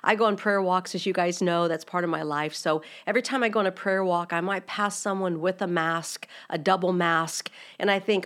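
A woman's voice: lowish voice, fairly even intonation, fairly quick, few pauses, a bit bright. A middle-aged woman hosting a faith-based podcast, teaching in an earnest, direct way and asking her listeners many rhetorical questions. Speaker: podcast host.

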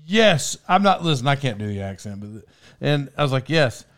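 A man's voice: medium pitch, lively intonation, brisk, a bit bright. A man hosting a podcast from a studio, telling a story in a casual, rambling way, cutting himself off and laughing often. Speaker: podcast host.

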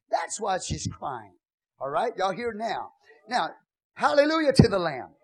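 A pastor with a very high voice and a drawl, preaching to his congregation. He drops into a low, confiding tone to retell scripture, then rises into shouted, half-sung cries. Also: slightly rough. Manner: swings from soft storytelling to shouted, sing-song preaching. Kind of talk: sermon.

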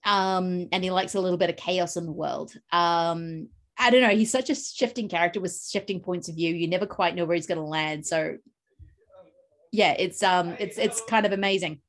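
A woman with a fairly low-pitched voice talks through a film in casual discussion. She rambles eagerly and leans on plenty of ums and restarts. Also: normal speed. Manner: enthusiastic, rambling with many fillers.

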